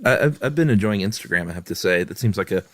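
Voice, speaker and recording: Deep-voiced male podcast co-host. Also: lively intonation, quick pace, dry recording, studio quality. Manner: easygoing, rambling storyteller. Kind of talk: casual chat.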